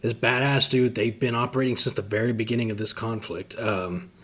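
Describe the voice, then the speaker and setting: A man casually commenting on combat footage, relaxed and profane, with many fillers and restarts. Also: medium pitch, a little fast. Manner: laid-back, swears freely, trails off with fillers. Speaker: host reacting to combat footage.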